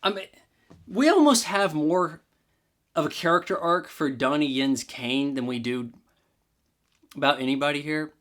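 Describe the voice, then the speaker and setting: A man with a slightly higher voice reviews a film in a loose, sarcastic rant. He swears casually and mocks what he describes. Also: expressive, a little slow, long pauses, a bit bright. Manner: sarcastic, profane ranting. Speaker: movie reviewer. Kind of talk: casual spoken movie review.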